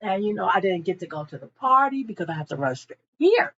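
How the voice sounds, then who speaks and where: A woman doing a husband rushing his excuses. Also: medium pitch, sing-song, a bit bright, husky, muffled recording, heavily acted. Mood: excuse-making. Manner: hurried, making excuses. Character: smooth-talking cheating husband making excuses.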